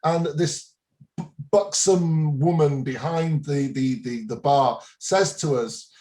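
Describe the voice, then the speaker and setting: A man in his fifties with a fairly high voice, chatting as a guest on a talk show. He tells anecdotes loosely, laughing and restarting his sentences as he goes. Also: takes it slowly. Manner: warm storyteller, chuckles, frequent restarts. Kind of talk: casual interview anecdote.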